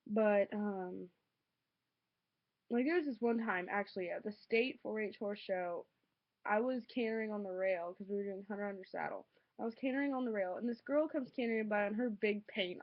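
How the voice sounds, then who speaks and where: A woman's voice: mid-range voice, a little fast. A teenage girl vlogging casually, ranting in an exasperated way with lots of fillers. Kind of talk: casual vlog monologue. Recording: dull lo-fi home recording.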